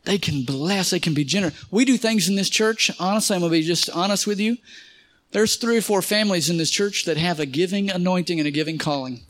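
A pastor with a twang delivers a sermon in a high, ringing voice. He preaches emphatically, pushing up into louder peaks and easing back into homespun asides to his congregation. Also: quick pace. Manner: emphatic preaching with rising shouts and folksy asides.

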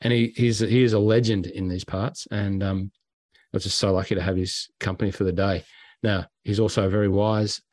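Brisk and on the low side, this male voice belongs to an Australian-accented podcast host spinning travel stories. He chats casually and animatedly, performing quotes and sounds, in a dry recording.

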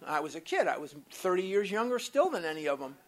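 An animated speaker from the United States addresses a recovery workshop crowd in a meeting room. The delivery is blunt and lively, peppered with mild swearing and offhand asides. The voice sits in an ordinary middle pitch. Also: fast talker. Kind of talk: personal storytelling talk to a live group.

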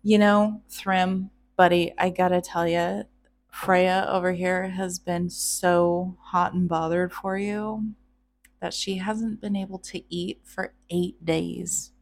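A woman's voice: on the low side, flat delivery, takes it slowly, vocal fry. A woman voicing a sly male trickster god who talks in a casual, wheedling, buddy-buddy way.

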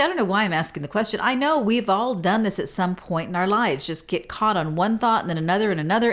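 A middle-aged woman hosting a podcast, telling a story in a casual, animated, self-deprecating way with frequent laughs. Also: mid-range voice. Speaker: podcast host.

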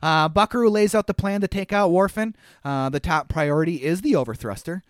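A high-pitched man chats through a movie recap, amused and wry, laughing at the plot as he goes. His voice is close and dry, with no room sound around it. He talks in a loose, conversational way. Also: brisk, no echo. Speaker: podcast co-host. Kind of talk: casual movie recap chat.

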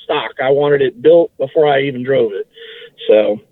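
A male guest in a casual interview recalls things in a rambling way, restarting and correcting himself. He has a medium-pitched voice at a moderate pace, heard over a thin, tinny, phone-like line with no echo.

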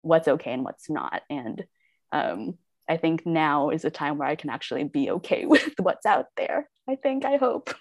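A woman actor chats openly in a podcast interview, filling her talk with fillers and little quoted asides. Her voice sits a bit low, and the recording is dry and close. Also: lively intonation, moderate pace, no room sound. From United States. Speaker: actor and web series creator.

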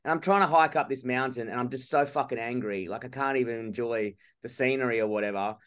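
Aussie guy cohosting a podcast, sweary and animated, telling scam stories. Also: medium pitch, fast, smooth. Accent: Australian. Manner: storytelling, swearing, mock-outraged. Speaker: podcast co-host. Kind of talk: casual chat. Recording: phone or laptop call from abroad.

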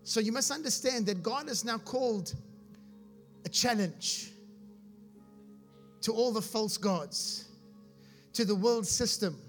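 A man preaches slowly in a high voice, leaving long pauses, while music plays faintly behind him. His sermon mixes scripture read aloud with humorous explanation, and he often asks if the audience follows.

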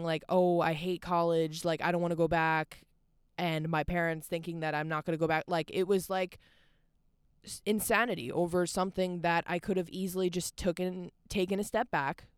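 Young woman, podcast host, casual rambling talk, smooth clear voice, dry close sound. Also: lowish voice, dry recording. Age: young adult. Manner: candid and rambling, heavy use of "like". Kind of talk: casual personal monologue.

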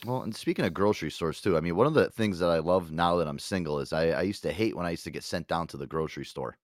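Fast-talking low-voiced man telling stories. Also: no room sound, studio quality. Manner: animated storytelling with profanity and acted quotes. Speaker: podcast host. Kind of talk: casual chat.

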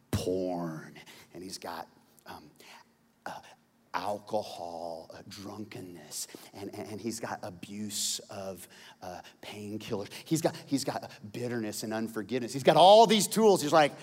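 A man preaching a sermon as a pastor, conversational, stumbling over repeated words and building to loud emphasis. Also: mid-range voice. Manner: conversational, repeats words when searching, jokes and laughs, climbs to shouting. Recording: long hall reverb.

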